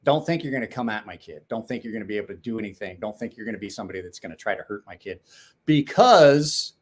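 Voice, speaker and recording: A man's voice: fairly low pitch, animated, fast, husky. A middle-aged man hosting a casual livestream chat, blunt and rambling, swearing freely. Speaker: knife-sharpening channel host.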